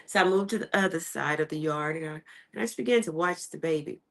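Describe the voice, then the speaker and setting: Animated woman pastor telling a story. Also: low voice, fast talker, gravelly. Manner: animated storytelling, repeats phrases for emphasis; addresses online congregation directly. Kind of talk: sermon.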